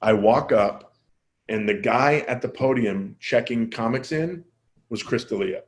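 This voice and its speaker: A male comedian telling a story as a podcast guest, casual and self-deprecating, acting out quoted dialogue with his voice jumping up and down. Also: a little slow. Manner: animated, acts out quoted dialogue with jumps in pitch.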